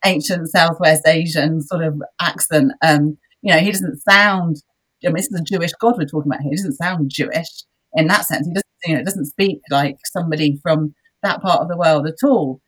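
A woman guest in a casual academic discussion, speaking in an opinionated, animated way. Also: sits low, normal speed, slightly rough, poor audio. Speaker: podcast guest.

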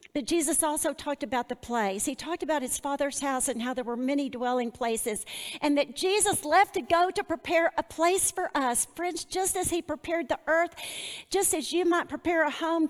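Earnest woman Bible teacher, bright high voice, in a reverberant space. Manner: earnest, personal, with a shared testimony.

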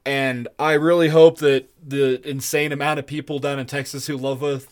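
A man co-hosting a podcast in casual chat, excitable and rambling, laughing often. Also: medium pitch, normal speed. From Colorado. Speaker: podcast co-host.

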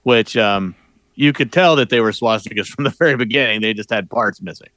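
A man's voice: lowish voice, brisk, a bit bright, no echo. A man co-hosting a casual chat, adding short details and chuckling along. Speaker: podcast co-host.

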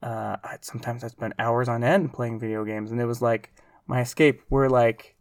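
A young man hosting a casual podcast discussion, thoughtful and halting, with many fillers and restarts. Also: mid-range voice, steady tone, no echo, clean studio sound. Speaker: podcast host.

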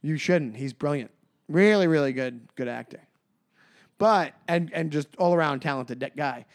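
Higher-pitched man laughing through comic chat. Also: moderate pace. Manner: animated, laughs often, stammers and restarts. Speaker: podcast co-host. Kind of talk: casual comedic chat.

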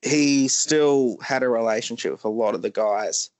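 A man's voice: medium pitch, moderate pace, darkish tone, no echo. A man, a guest on a podcast, talking casually in a rambling, blunt, profane way with many fillers.

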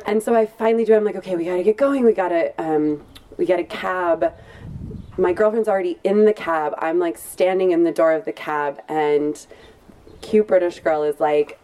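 A woman's voice: fairly low pitch, moderate pace, dark tone. A woman telling a funny personal story at a live storytelling event, chatty and playful, often laughing as she talks.

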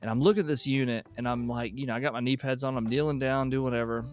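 A man hosting a podcast, telling a work story in a casual, animated way and laughing at himself. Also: medium pitch, fast, soft background music. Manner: animated, self-deprecating, laughs a lot. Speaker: podcast host, HVAC technician.

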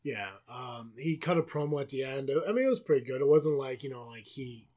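A man's voice: mid-range voice, lively intonation, brisk, darkish tone. A man co-hosting a podcast, recapping wrestling in casual chat, swearing often and sarcastic. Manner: profane, sarcastic, rambling. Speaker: podcast co-host.

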